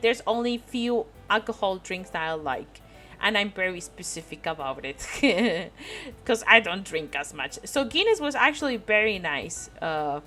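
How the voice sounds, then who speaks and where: A woman's voice: mid-range voice, a bit bright. A woman from Spain with a Spanish accent, casually telling a rambling story on stream and often breaking into giggles. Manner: rambling, giggly, frequent laughter.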